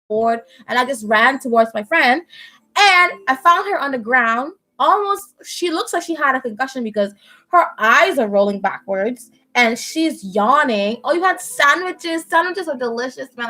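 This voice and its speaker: A young Bahamian woman chatting at home on a live stream, telling an animated story and often laughing. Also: high-pitched, low-quality recording. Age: young adult. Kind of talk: casual chat, storytelling. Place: at home indoors.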